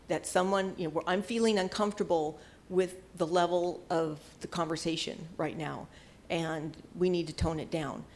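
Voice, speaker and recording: A woman's voice: on the low side, steady tone, normal speed. An older woman giving casual marriage advice in an earnest, conversational way, at times searching for words. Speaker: marriage teacher.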